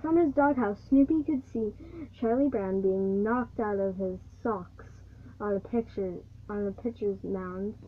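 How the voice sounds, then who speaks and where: A female reader reading a picture book aloud, halting and stumbling over words as she goes. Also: mid-range voice. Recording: tinny phone-like recording.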